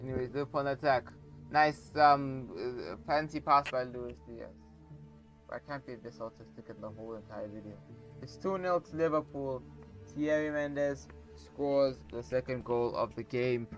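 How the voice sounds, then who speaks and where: A young man commentating a football video game on a borrowed microphone, with excitable play-by-play and rambling asides. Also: medium pitch, moderate pace, faint music behind. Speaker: gaming YouTuber. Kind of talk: casual gameplay commentary. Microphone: borrowed cheap microphone.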